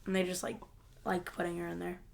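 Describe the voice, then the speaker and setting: A woman's voice: fairly low pitch, monotone, fast talker, gravelly. Easygoing woman co-host chiming in. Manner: short reactive replies, easygoing. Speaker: podcast co-host. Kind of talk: casual chat.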